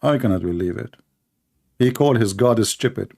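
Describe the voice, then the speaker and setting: A man's voice: on the low side, expressive, fairly quick, creaky, darkish tone. A man hosting a confrontational call-in debate, speaking in a sarcastic, taunting way. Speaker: debate show host.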